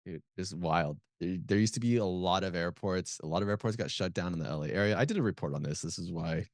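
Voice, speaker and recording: A man co-hosting a podcast in relaxed, hesitant casual chat. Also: low voice, quick pace, dry recording, clean studio sound. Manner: relaxed, hesitant, many fillers. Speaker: podcast co-host.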